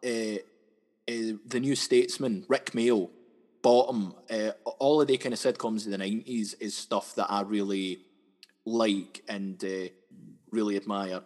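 A man's voice: on the low side, steady tone, measured pace, darkish tone. A young Scottish man from the West Coast, a sketch comedian chatting as an interview guest, who often repeats words and restarts. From Scotland, West Coast. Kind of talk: casual interview chat. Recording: long hall reverb.

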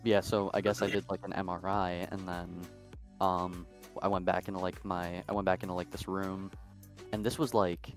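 Low-voiced young man rambling a story. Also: level tone, moderate pace, soft background music. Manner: rambling, lots of "like" fillers. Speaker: podcast co-host. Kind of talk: casual storytelling chat.

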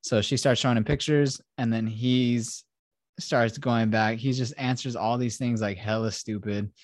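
A man's voice: mid-range voice, fairly even intonation, moderate pace, no room sound, clean studio sound. A man hosting a casual podcast, animatedly retelling a film scene by scene, acting out the characters and swearing freely. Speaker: podcast host.

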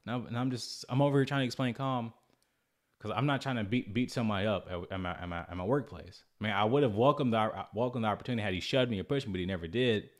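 A man in his early twenties tells a personal story straight to camera, and it comes out rambling and full of restarts. His voice sits a little low, and he jumps up into a higher voice whenever he imitates other people. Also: expressive, fast. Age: 20s. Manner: rambling, restarts often, mimics others in a raised voice. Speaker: vlogger.

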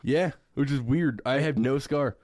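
A man's voice: medium pitch, measured pace, darkish tone. A young man co-hosting a podcast, telling a story casually, swearing a lot and laughing often. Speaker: podcast co-host.

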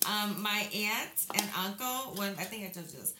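A woman's voice: medium pitch, expressive, moderate pace, echoey room, very noisy. A woman co-hosting a casual podcast chat, telling rambling stories, swearing freely and laughing as she goes. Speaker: podcast co-host.

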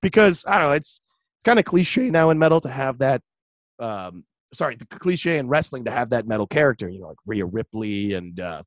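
A young man, a radio host, chatting casually in an interview, relaxed and full of "dude" and "like". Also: medium pitch, brisk, no echo. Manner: laid-back, chatty, says "dude" and "like" often. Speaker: radio host and metal vocalist.

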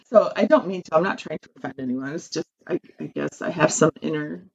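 A woman's voice: low voice, brisk, creaky, hardly any pauses, lo-fi sound. A woman from Michigan co-hosting a podcast in casual, agreeable chat, laughing easily. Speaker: podcast co-host.

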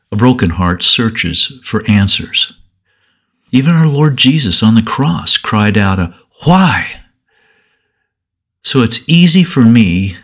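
A man with a lowish voice reads a devotional retelling at a very slow, deliberate pace. He is earnest and measured, letting pauses land between phrases. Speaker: devotional speaker. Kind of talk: devotional storytelling and reflection.

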